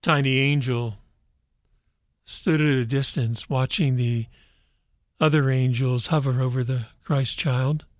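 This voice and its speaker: A man reading a Christmas story aloud in a gentle, measured way. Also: medium pitch, steady tone, no room sound, studio quality.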